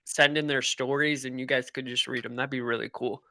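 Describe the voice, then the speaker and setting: Very bright-voiced man reacting casually. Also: medium pitch, steady tone, brisk, vocal fry, dry recording. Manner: short reactions and suggestions. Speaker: podcast co-host. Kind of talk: casual chat.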